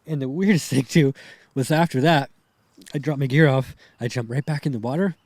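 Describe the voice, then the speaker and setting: A man's voice: medium pitch, brisk, darkish tone, no echo. A young man, a podcast guest, telling a personal story in a rambling way, shaken and close to tears, often adding "right?" and "man".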